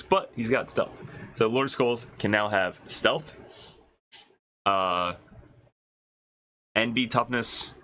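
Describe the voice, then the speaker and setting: A man with a congested voice, casually reading out and reacting to game rules as a host, excited and swearing, thinking aloud. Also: on the low side, slight background noise, rough recording. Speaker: wargaming video host reviewing rules.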